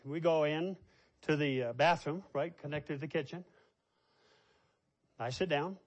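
A man's voice: fairly high pitch, a little slow, slight background noise. An older man, a pastor, preaching a sermon and telling a family story in a conversational way.

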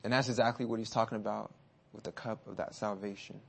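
Low-voiced man preaching an evening sermon. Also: fairly even intonation, creaky. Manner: swings between hushed and loud, exhortative; reads scripture slowly and deliberately.

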